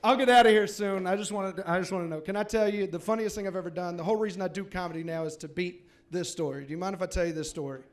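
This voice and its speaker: A man's voice: high voice, racing, few pauses. A young man from Louisiana doing a stand-up comedy set, telling a story with playful, punchy timing.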